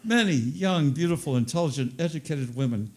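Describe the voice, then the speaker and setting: A man's voice: fairly high pitch, animated, brisk. An older man performing a stand-up comedy routine, self-deprecating and fond of repeating his punchlines for effect.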